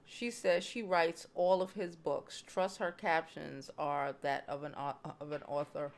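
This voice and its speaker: A woman's voice: measured pace, vocal fry. A woman hosting a casual celebrity gossip chat, blunt and profane, reading viewer comments and talking straight to her audience, calling them "child" and "y'all". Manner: swings between loud animated bursts and low near-murmurs. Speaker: host. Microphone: home streaming setup, waiting on new mics.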